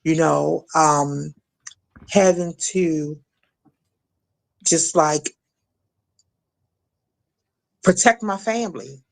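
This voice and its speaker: Middle-aged woman, interview guest, halting speech, restarts and fillers, personal testimony. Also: sits low, creaky. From Maryland.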